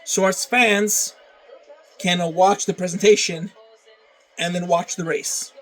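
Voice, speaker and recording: A man's voice: sits high, fairly even intonation, slow, a bit bright, poor audio. A man ranting casually to camera, often stammering and repeating words, with plenty of swearing. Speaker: vlogger.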